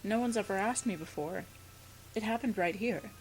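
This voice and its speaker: A woman's voice: medium pitch, moderate pace, darkish tone, soft background music, natural voice, poor audio. A woman voicing a moping ghost schoolgirl, reading game dialogue aloud in a plain voice. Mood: glum.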